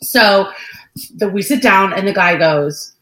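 Animated young woman storyteller, roomy echo. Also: mid-range voice, measured pace. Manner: animated, swears freely, acts out dialogue. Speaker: podcast co-host. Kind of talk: casual storytelling chat.

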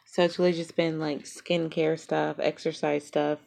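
Laid-back low-voiced woman. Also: moderate pace, vocal fry. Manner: relaxed and reactive, with soft "um" fillers. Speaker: podcast co-host. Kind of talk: casual chat.

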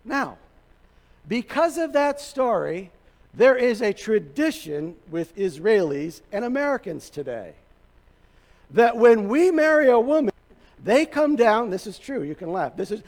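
High-voiced pastor preaching in a hall. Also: male voice. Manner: conversational storytelling with humor. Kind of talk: sermon. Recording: reverberant hall.

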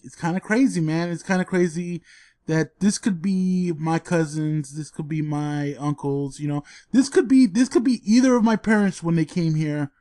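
A man's voice: fairly high pitch, normal speed, dark tone, dry recording, clean studio sound. A man co-hosting a podcast in casual chat, laid-back and laughing often. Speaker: podcast co-host.

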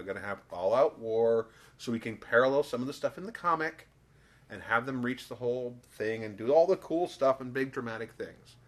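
A man co-hosting a podcast, chatting casually and animatedly about a TV episode. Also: medium pitch. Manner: animated, jumps into voices when retelling. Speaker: podcast co-host.

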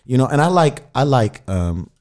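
A man's voice: medium pitch, sing-song, normal speed, a little mellow. A man chatting as a guest on a radio show, playful and laid-back, full of slang and jokes. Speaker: musician guest. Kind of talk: casual radio interview chat. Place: radio studio.

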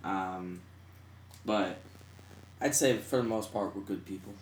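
A man's voice: sits low, a little slow. A young man from South Florida, a guest in a casual podcast interview, speaking hesitantly with many ums and a dry, sarcastic humor. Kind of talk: casual chat. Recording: echoey room with loud hum.

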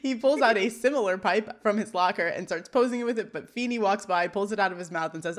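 A woman co-hosting a podcast, recapping episode scenes in casual chat and quickly voicing the characters' lines as she retells them. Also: mid-range voice. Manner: animated retelling with quick voiced quotes. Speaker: podcast co-host.

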